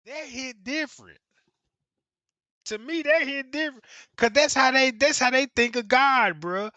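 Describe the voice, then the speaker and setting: Bright, slow-talking streamer man. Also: extremely high pitch, dry recording, dull audio. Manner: slangy, emphatic, repeats himself. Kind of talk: casual rant to viewers.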